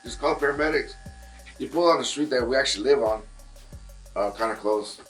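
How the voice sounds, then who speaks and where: A man's voice: mid-range voice, brisk, faint music behind, rough recording. A man, a guest musician in casual chat in a barbershop, telling a long story with many fillers and restarts.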